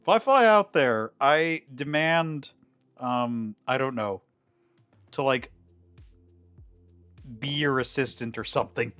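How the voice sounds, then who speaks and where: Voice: mid-range voice, takes it slowly, pauses often, a bit bright. A cooking streamer chatting casually while making a dish, rambling with many fillers and restarts. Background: faint background music.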